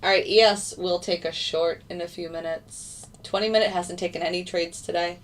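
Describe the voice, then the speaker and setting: A woman's voice: fairly low pitch, steady tone, normal speed, recorded from a distance. A young woman hosting a casual trading livestream, chatting loosely with many fillers as she answers viewer questions. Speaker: livestream host, futures day trader.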